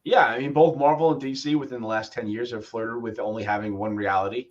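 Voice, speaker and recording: A man co-hosts a casual live review show, thinking aloud and often restarting his sentences. His voice is mid-pitched and reaches the listener through dull, lo-fi video call audio. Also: fairly even intonation, quick pace. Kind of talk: casual chat.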